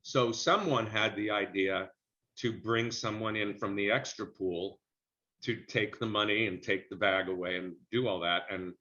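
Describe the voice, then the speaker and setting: A middle-aged man, an actor being interviewed, telling lively anecdotes in casual conversation and acting out the people he quotes. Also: lowish voice, normal speed. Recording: dull lo-fi recording.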